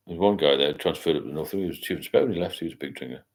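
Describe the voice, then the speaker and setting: A man's voice: rumbling low, quick pace, darkish tone. An older man, hosting a casual late-night livestream and rambling as he reads out viewer comments. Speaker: livestream host.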